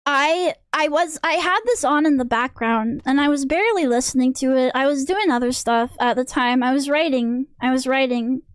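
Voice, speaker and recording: A woman's voice: sits high, normal speed, few pauses, clean tone, no room sound, studio quality. A woman streamer in a casual rant, rambling and restarting her sentences, sounding exasperated. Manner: rambling, self-interrupting, exasperated.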